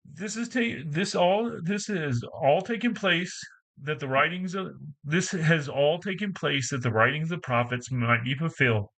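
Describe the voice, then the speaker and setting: A man's voice: a little high, fairly bright tone, rough recording. A man reading a scripture passage aloud, stumbling now and then and correcting himself as he goes. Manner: halting reading with frequent stumbles and self-corrections. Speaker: Bible reader.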